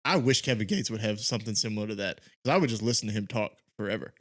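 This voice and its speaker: A man's voice: lowish voice, fast talker, a bit bright. Chatty man who laughs as he talks. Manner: chatty, laughs often while telling stories. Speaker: podcast co-host. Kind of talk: casual chat.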